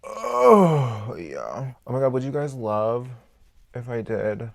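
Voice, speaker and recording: A man chatting candidly to camera as a beauty vlogger while doing his makeup, swearing freely and swinging between loud outbursts and quiet asides. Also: medium pitch, very animated, slow, gravelly. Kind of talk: casual get-ready-with-me chat.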